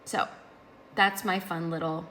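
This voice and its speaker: A woman in her thirties telling a personal story in casual, expressive speech that swings between loud and hushed. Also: lowish voice, unhurried, slight background noise. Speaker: podcast host and mother.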